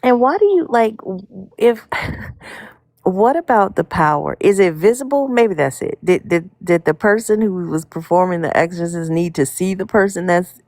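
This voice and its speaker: Gravelly, blunt woman in casual chat. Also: on the low side, animated, moderate pace, a little mellow, no echo. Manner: skeptical, blunt, swears freely.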